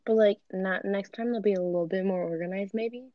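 A woman's voice: mid-range voice, a little fast, a loud crowd. A woman co-hosting a podcast, chiming in with teasing quips in casual chat. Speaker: podcast co-host. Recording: dull lo-fi podcast audio.

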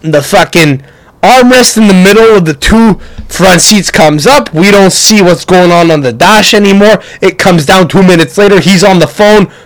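A young man hosting a podcast, telling stories in a profane, rambling, animated way. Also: high-pitched, normal speed, low-quality recording. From Canada. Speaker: podcast host. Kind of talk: casual storytelling rant.

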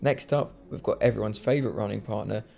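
A man's voice: on the low side, fast talker, creaky, darkish tone. A man hosting a casual podcast, jokey and self-mocking as he introduces clips. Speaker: podcast host.

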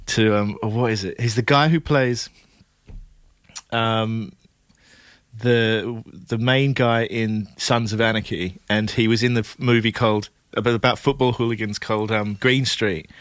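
A man's voice: mid-range voice, a bit bright, no echo. A man rambles through a casual podcast chat, swearing freely and stopping to hunt for names and words. His voice sits in a middle range. The sound is dry and close, with no room around it. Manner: rambling, profane, trails off into tangents. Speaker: podcast co-host.

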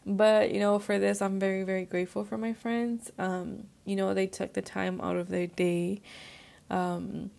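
A woman's voice: medium pitch, little pitch movement, moderate pace, gravelly, a little mellow. A young woman hosting a podcast, telling a personal story in casual chat, filling it with "like" and slipping into Spanish phrases. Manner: filler-heavy, says "like" constantly, mixes in Spanish. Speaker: podcast host.

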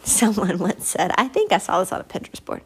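A woman hosting a faith-based podcast, speaking with earnest emotion and chatty warmth, building her points through emphatic repetition. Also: mid-range voice, sing-song, slightly rough. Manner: casual and chatty, with fillers and quick laughs. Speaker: podcast host. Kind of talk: faith-based motivational monologue.

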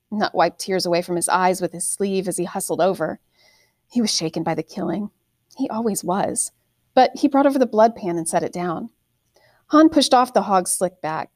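Female audiobook narrator, steady and measured, dry close sound. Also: mid-range voice, dry recording. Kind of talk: scripted fantasy novel narration.

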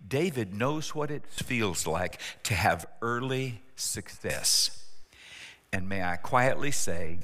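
Brief: joking male pastor, bright forceful tone, lively pitch, long hall reverb. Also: normal speed. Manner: animated, joking storyteller. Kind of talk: sermon.

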